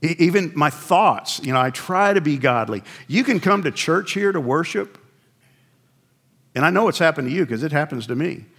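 A man's voice: fairly high pitch, lively intonation, normal speed, fairly bright tone. Older man preaching a conversational sermon. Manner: conversational, self-deprecating storytelling with acted asides. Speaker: pastor.

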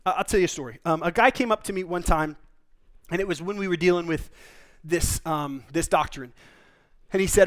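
A pastor with a notably high, slightly bright voice delivers a sermon. His preaching is conversational, built on vivid stories and quick asides.

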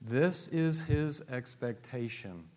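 A male pastor preaching a sermon, swinging between loud emphatic declarations and low asides. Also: animated, slow. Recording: long reverb of a large hall.

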